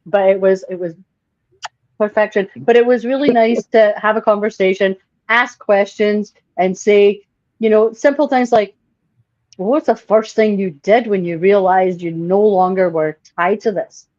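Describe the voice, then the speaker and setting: A woman co-hosting a casual chat, chatty and quick to laugh. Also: mid-range voice, a little mellow, dry recording. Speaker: co-host. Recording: dry, dull lo-fi audio.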